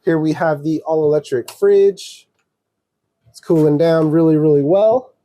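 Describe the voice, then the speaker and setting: A man from an RV dealership walking viewers through a trailer, explaining each control in a steady, practical, step-by-step way. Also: a little high, unhurried, slight background noise. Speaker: RV dealership salesperson giving a walkthrough. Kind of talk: casual walkthrough demonstration. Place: outdoors around an RV, then inside it.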